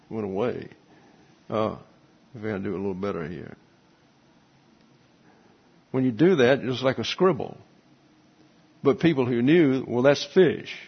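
A man teaching a lesson, explaining step by step in a measured way with frequent pauses and fillers. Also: mid-range voice, breathy edge. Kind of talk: classroom lecture explaining Greek letters. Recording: slightly dull, lo-fi recording.

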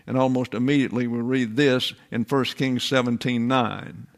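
A man's voice: medium pitch, fairly even intonation, vocal fry. Older man teaching a sermon. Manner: deliberate, emphatic, repeats phrases. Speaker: Bible teacher. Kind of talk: sermon, classroom Bible teaching.

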